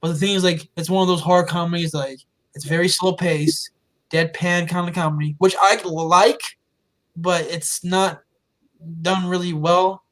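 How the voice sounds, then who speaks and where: High-voiced man hosting a chat. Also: fairly even intonation, moderate pace, fairly bright tone, rough recording. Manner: hesitant, lots of fillers. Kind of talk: casual movie review chat.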